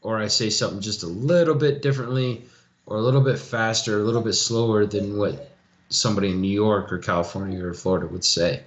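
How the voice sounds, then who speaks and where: A man's voice: fairly low pitch, quick pace. A man in casual chat, easygoing and explaining things at length. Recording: dull lo-fi audio.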